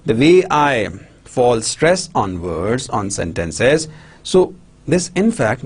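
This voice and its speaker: A man with a Pakistani English accent lectures students in a husky, gravelly voice. His pitch swings widely as he restates points and asks whether the class understands. He talks in short bursts with many restarts. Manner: repetitive, checks understanding often, many restarts. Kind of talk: recorded university lecture.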